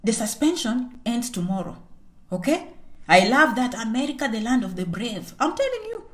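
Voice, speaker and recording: A woman's voice: fairly high pitch, sing-song, moderate pace. A woman from Kenya giving an emphatic motivational live-stream chat, often speaking of herself in the third person and checking in with "okay?". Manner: emphatic, repetitive, keeps asking "okay?". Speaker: vlogger.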